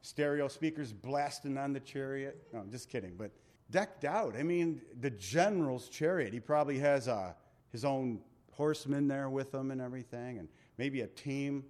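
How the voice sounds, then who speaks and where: A man's voice: mid-range voice, normal speed, darkish tone. Conversational male preacher. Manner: conversational preaching with asides and small laughs; reads scripture in a raised voice. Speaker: pastor. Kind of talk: sermon.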